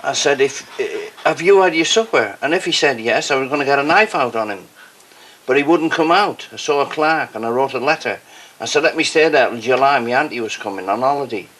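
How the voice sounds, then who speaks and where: A man telling a rambling anecdote at a rapid clip in a documentary. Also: medium pitch, expressive, fairly bright tone, rough recording.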